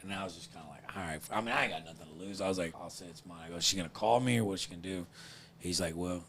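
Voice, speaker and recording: A man's voice: deep voice, very fast, a bit bright, a little hiss or hum. A man hosting a podcast, telling a long crude story in a rambling, self-deprecating way. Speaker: podcast host. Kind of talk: casual chat, storytelling.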